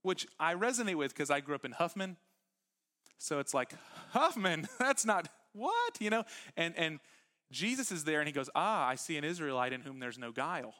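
In a church sanctuary before a live congregation, a pastor with a highish voice preaches a little fast and conversationally. He drops to a hush on some lines for intimate moments and bursts out animatedly on others.

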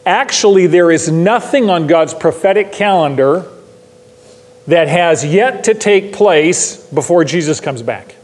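Man preaching in a church, emphatic and repetitive, fairly high voice, long hall echo. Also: expressive, measured pace, darkish tone. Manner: emphatic, repeats key lines for stress. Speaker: pastor. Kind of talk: sermon.

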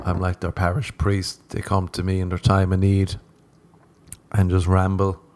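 Deep-voiced Irish man, crude comic ramble. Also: completely flat delivery, normal speed, darkish tone, a little hiss or hum. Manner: crude, swearing, self-mocking. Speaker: podcast host.

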